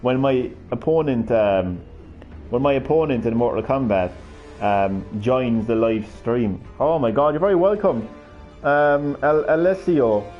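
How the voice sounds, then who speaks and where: A man's voice: mid-range voice, animated, a little slow, lo-fi sound, soft background music. A man live-streaming a fighting game, chatting casually, rambling and swearing freely as he plays. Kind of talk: casual gameplay commentary.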